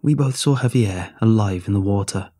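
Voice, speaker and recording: A grave, blunt crewman from a horror story reading, as a man puts him on. His low, husky voice stays dark and urgent. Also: normal speed, faint music behind. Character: grave, serious male station crewman.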